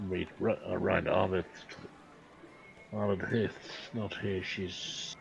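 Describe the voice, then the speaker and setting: A man's voice: low voice, steady tone, takes it slowly, gravelly, lo-fi sound. A man chatting casually as a player in a tabletop game, joking and hesitant.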